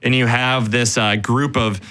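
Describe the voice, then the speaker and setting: A man co-hosting a casual history podcast, telling the story in an animated way with quick quoted asides and frequent "right?". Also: medium pitch. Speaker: podcast co-host.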